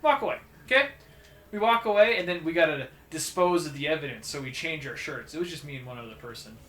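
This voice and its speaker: A young man chatting casually while playing a game, telling a rambling story and getting animated at the exciting parts. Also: fairly high pitch, fast. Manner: rambling storyteller, animated when acting out shouts. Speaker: let's play co-host. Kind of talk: casual gaming chat. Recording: roomy echo with faint game music.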